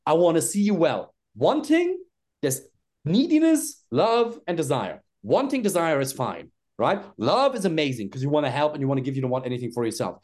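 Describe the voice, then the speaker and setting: A man's voice: very animated, a little fast, darkish tone. A man, a dating coach guest on a podcast, who talks bluntly, swears freely and acts out lines he quotes. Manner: swings widely in pitch for emphasis. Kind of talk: animated podcast interview talk.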